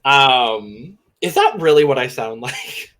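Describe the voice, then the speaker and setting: Young man, southern-californian accent, bright voice, very lively pitch, chatty podcast co-host. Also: takes it slowly. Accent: Southern US mixed with Californian. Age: 20s. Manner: chatty, animated, acts out quotes. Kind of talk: casual chat.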